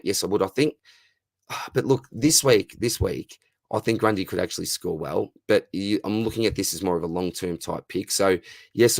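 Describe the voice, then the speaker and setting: A man in his thirties with an Australian accent, hosting a casual live Q&A, chatty and friendly, his voice going a bit hoarse. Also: sits low, no room sound. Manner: friendly, says "mate" constantly. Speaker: fantasy football livestream host. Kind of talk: casual live Q&A, reading chat questions.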